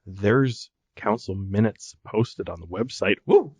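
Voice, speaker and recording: A man's voice: lowish voice, slow, husky, dry recording. A man co-hosting a local podcast in casual chat, joking and laughing often. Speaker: podcast co-host.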